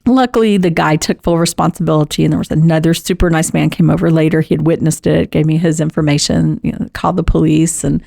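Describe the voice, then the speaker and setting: A middle-aged woman, telling a personal caregiving story in a chatty, animated way, laughing often. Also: low voice, quick pace, vocal fry, few pauses, no room sound, studio quality. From Texas. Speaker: podcast host and caregiver.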